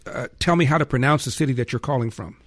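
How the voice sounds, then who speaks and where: A man's voice: medium pitch, fast. A man hosting a call-in radio talk show, arguing emphatically and firing off rhetorical questions.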